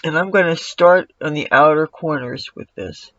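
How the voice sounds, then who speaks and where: A man's voice: on the high side, moderate pace, a bit bright, dry recording. A man giving a casual makeup tutorial at home, rambling and breaking off to talk to his cat. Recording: dull lo-fi, dry sound.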